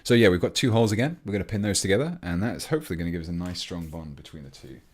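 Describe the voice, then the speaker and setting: An English man with a very low, expressive voice talks very fast during a hobby livestream while building models at his workbench. Chatty and rambling, he breaks off mid-task to greet viewers and read and answer their comments. There's slight background noise.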